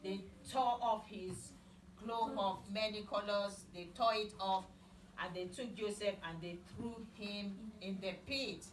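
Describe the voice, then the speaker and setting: A woman's voice: medium pitch, fairly even intonation, slight background noise. A woman telling a Bible story to children in simple words, asking them questions as she goes, recorded in an echoey room far from the mic. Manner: slow, simple wording, asks children questions. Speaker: Bible teacher.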